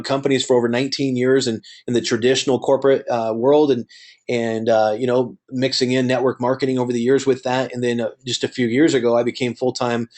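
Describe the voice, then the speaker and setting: A man's voice: medium pitch, darkish tone. A middle-aged man, a company executive, giving an earnest motivational talk on a webinar, with many fillers and restarts.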